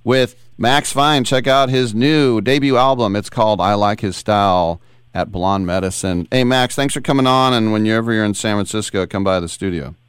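Chatty low-voiced radio host, dry studio. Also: male voice, clear, resonant tone, no room sound. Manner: quick, chatty, tangential questions. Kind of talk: radio interview.

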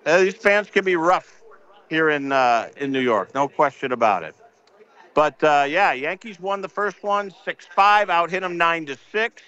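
High bright older man talking sports. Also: moderate pace, clear, resonant tone. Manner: rambling, repeats himself, lots of fillers. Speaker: sports radio host. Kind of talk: casual sports talk. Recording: slightly dull broadcast audio.

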